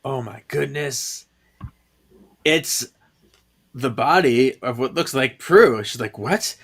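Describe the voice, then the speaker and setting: A man's voice: medium pitch, slow, a bit bright. A man co-hosting a podcast, emotionally recapping a comic with gasps and laughter. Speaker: podcast co-host. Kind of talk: casual chat, recapping a comic.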